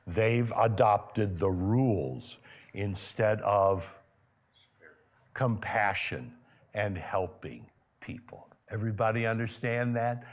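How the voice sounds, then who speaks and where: Slow-speaking pastor preaching a sermon. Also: male voice, on the low side. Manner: quizzes the congregation with questions; grows loud and emphatic when stirred. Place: church sanctuary.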